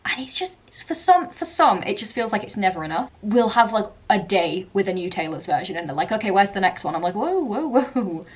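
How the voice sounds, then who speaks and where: A woman vlogger chatting casually about an album, talking in quick bursts with restarts. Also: medium pitch, expressive. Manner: chatty, restarts and laughs often. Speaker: music vlogger.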